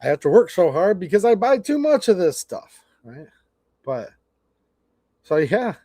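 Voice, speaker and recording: Brief: man in his forties, high voice, dry close sound, casual livestream rant, stammers and rambles. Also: big pitch swings, measured pace, warm tone, no room sound. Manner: rambling, stammering, frustrated and blunt. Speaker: livestream host.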